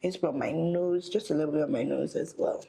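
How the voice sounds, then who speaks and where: Casting: young woman, low voice, chatty get-ready-with-me makeup vlogger. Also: a little fast, creaky, dark tone, poor audio. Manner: chatty, thinking aloud while applying makeup. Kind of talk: casual get-ready-with-me chat.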